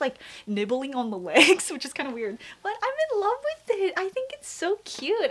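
A young woman with a slightly high voice gushes excitedly in a casual vlog chat. She talks in a rush of fillers and little exclamations, showing things off from her home. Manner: gushing, excitable, chatty with many fillers. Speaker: vlogger showing a shopping haul.

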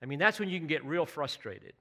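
A man in the pulpit with a somewhat high voice, preaching with earnest emphasis. He builds to fervent peaks and often turns to his listeners with direct questions. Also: animated, a little fast, bright, forceful tone. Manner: earnest, emphatic preaching with rising bursts of intensity. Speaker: pastor. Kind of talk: sermon.

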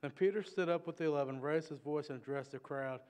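A man preaching a sermon in a church, telling a personal story in an animated, conversational way with asides to the congregation. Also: a little high, fast. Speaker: pastor. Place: church sanctuary.

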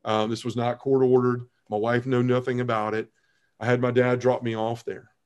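A man's voice: level tone, a little mellow, smooth, dull audio. Earnest man telling his testimony. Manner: earnest storytelling, halting restarts, drops low when emotional. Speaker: podcast guest. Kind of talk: personal testimony in conversation.

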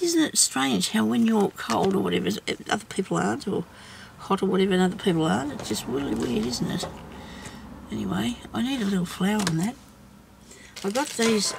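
A woman hosting a casual craft tutorial, chatting and thinking aloud as she works, with soft laughs to herself. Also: on the low side, creaky, slight background noise. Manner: rambling, chatty, thinks aloud while working.

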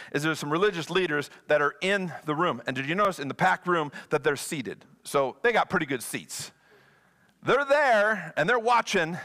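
A man preaching as a guest pastor, animated and playful. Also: on the high side. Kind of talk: sermon.

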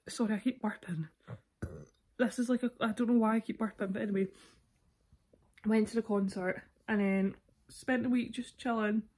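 A woman's voice: on the high side, a little mellow. A young Scottish woman vlogging casually from home, rambling and candid with lots of fillers, while ill with a sore throat and cough. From Scotland. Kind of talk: casual vlog chat to camera.

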